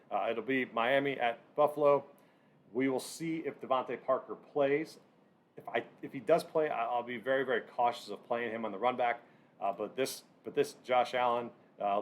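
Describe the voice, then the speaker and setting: A man hosting a casual sports picks breakdown, talking in halting bursts with lots of fillers and restarts. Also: mid-range voice, slight background noise. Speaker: sports betting channel host.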